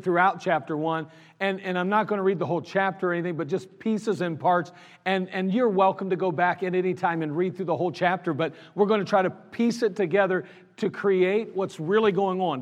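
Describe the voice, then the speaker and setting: A man's voice: sits high, highs cut off. A man preaching a sermon as pastor, in an earnest, conversational way with lots of repetition. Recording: long reverb of a large hall.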